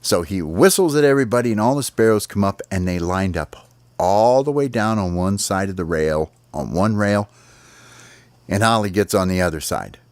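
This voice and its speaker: A man with a lowish voice telling a lively bedtime story, throwing in sound effects and sighs. The sound is dry and close to the mic. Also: moderate pace, no room sound.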